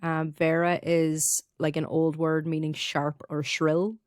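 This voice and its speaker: A young Irish woman co-hosting a podcast, retelling folklore in casual chat with quick, swearing asides. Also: deep voice, level tone, a little mellow, clean tone, dry recording, studio quality. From Ireland. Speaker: podcast co-host.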